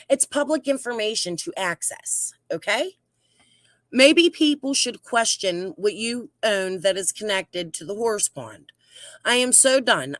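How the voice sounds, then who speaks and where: A woman's voice: mid-range voice, a bit bright, dry recording, studio quality. Aggravated woman venting. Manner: aggravated, defensive, rambling with restarts. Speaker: YouTube channel host. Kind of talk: heated commentary reading out messages.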